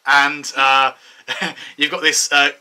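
A man's voice: on the high side, little pitch movement, slow pace, pushed and bright. A man telling a rambling story in a casual discussion, laughing as he goes. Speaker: discussion participant.

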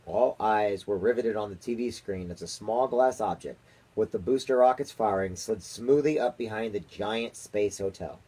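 A man reading a children's book aloud to his daughter, with steady storytelling and small slips. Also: fairly low pitch, normal speed, breathy edge, poor audio.

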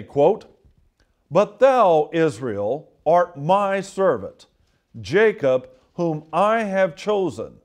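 A man's voice: a little high, a little mellow. A man preaching a sermon, reading scripture aloud and stressing key words again and again. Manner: emphatic, repeats and stresses words; reads scripture and quotations aloud.

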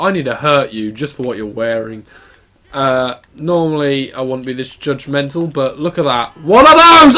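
A young man giving excited, sweary commentary on his gameplay and talking back to game characters. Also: fairly high pitch. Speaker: gaming channel host.

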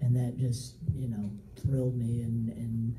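A man's voice: medium pitch, a little slow, a little hiss or hum. Older man telling stories in an echoey theater. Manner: animated storyteller who laughs easily. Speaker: screenwriter, panel guest. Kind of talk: storytelling Q&A anecdote. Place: movie theater stage. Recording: echoey theater, mic far off.

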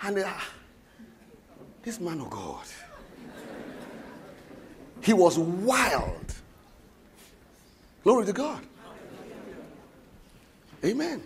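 A man preaching a sermon, animated and often putting questions to the congregation. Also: high voice, extremely slow, long pauses, slight background noise.

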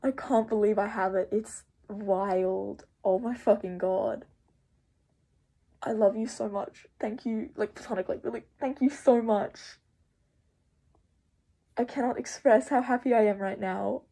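A teenage girl from Australia unboxing a mask, gushing and breathless, shaky with excitement and swearing often. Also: medium pitch, unhurried, vocal fry, poor audio. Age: teens.

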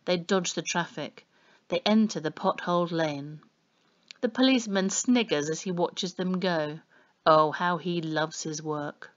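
A woman teacher reading a novel aloud in a measured, expressive way. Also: low voice. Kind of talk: storybook reading. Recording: slightly dull audio.

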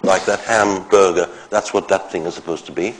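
A man giving an academic lecture, explaining step by step in short phrases with pauses. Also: sits low, fairly even intonation, a little hiss or hum, poor audio.

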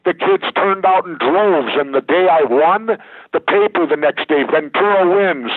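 A man's voice: on the high side, unhurried. An older man, a former governor, talking bluntly and emphatically as an interview guest. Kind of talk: candid interview talk. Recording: tinny phone line, dry.

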